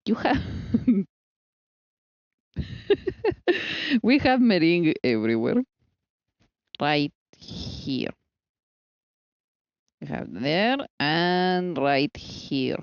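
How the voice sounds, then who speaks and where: A woman's voice: fairly low pitch, very animated, drawn-out words, pauses often, darkish tone, no echo, lo-fi sound. A woman streaming herself baking at home, chatting casually and teasing herself as she goes. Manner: chatty, scatterbrained, self-teasing, talking to herself. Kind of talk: casual live-stream chat while baking. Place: home kitchen.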